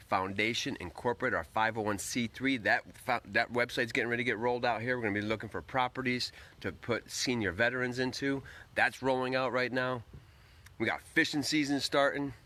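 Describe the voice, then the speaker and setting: The same kind of upbeat, rambling livestream chat comes from a man whose voice is mid-range with a sharp edge. He eats as he talks and calls out viewers by name.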